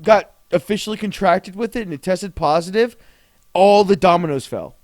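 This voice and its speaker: A man's voice: sits high, moderate pace, no room sound. A man co-hosting a podcast in casual chat, swearing often and rambling with laughs. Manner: profane, laughing, rambling banter. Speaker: podcast co-host.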